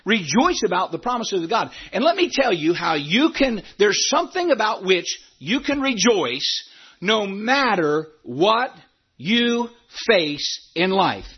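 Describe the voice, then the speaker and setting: A man preaching from the pulpit in a high, husky voice that swings wildly up and down. He bursts into shouts and then sinks into low, urging talk. The recording sounds dull and lo-fi. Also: very animated, unhurried. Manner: preaching with sudden shouts and wide swings in pitch. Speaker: pastor. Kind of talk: sermon.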